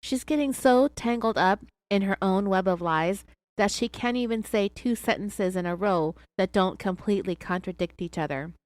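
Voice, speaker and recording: A woman's voice: mid-range voice, normal speed, dry recording. A woman hosting a true crime podcast, giving scornful, sarcastic commentary. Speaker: podcast host.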